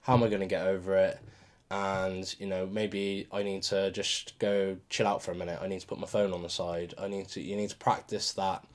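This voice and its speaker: A man's voice: deep voice, little pitch movement, brisk, hardly any pauses. A man co-hosting a podcast, talking through advice in a casual, reflective way. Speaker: podcast co-host. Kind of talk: casual chat.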